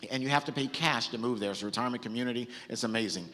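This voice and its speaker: His mid-range voice races along with a fairly bright tone as this Southern California bishop preaches earnestly and conversationally from a church stage. He often restarts sentences, and the hall has long reverb.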